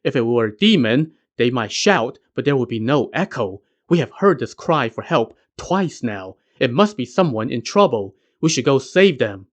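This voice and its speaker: A man's voice: medium pitch, big pitch swings, normal speed, hardly any pauses. A man voicing an earnest, worried monk who pleads to help a stranger.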